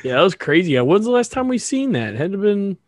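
A man's voice: sits high, very animated, fast talker, no room sound, clean studio sound. A man co-hosting a podcast, laid-back in casual chat, giving short agreeing replies and swearing casually. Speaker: podcast co-host.

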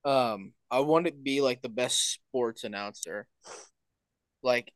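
A man's voice: medium pitch, slow, dry recording. A young man co-hosting a podcast in casual chat, laid-back with dry humor. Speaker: podcast co-host.

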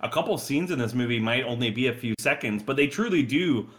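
A man co-hosting a casual podcast, with a bright, forward, mid-pitched voice. He talks in an animated way and chats easily with his friends. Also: a little fast. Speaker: podcast co-host.

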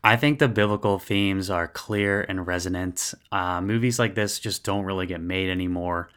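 A man's voice: low-pitched, steady tone, normal speed, a bit bright, clear, resonant tone. A man hosting a podcast about faith and film, talking in an earnest, thoughtful way. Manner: earnest, thoughtful, reads quotes aloud. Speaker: podcast host. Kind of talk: casual podcast discussion.

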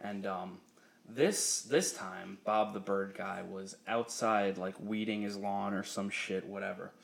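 A young man with a low, gravelly voice tells stories on his podcast, swearing freely and breaking into laughter. His delivery is loose and animated, a casual chat between friends. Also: measured pace. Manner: profane, laughing, animated storyteller. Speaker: podcast co-host.

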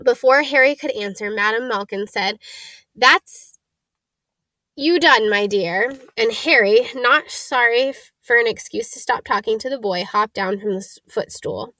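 A woman's voice: on the high side, dry recording. Woman reading a storybook aloud. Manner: steady, unhurried storytelling. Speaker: narrator.

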